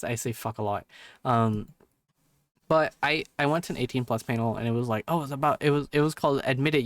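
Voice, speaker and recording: A man's voice: mid-range voice, no room sound. A man chatting casually on a live stream, rambling through a story with lots of swearing and restarts.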